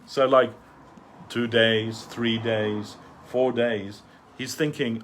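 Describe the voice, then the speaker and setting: A man's voice: medium pitch, fairly even intonation, takes it slowly, a bit bright, a little hiss or hum. A man telling a rambling, chatty anecdote during a devotional talk in a temple hall, laughing at his own story. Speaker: speaker giving a devotional talk.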